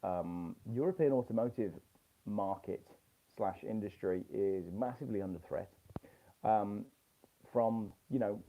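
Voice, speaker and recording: This live-stream channel host, a middle-aged man with a slight Birmingham accent, has a fairly low voice, and the recording sounds muffled. Talking through a headphone mic from a small home alcove, he rambles, reads viewer comments aloud, and uses many fillers.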